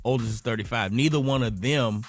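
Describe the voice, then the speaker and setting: Calm man co-host in his fifties. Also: mid-range voice, a little fast, soft background music. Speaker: radio co-host. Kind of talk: opinion talk on radio.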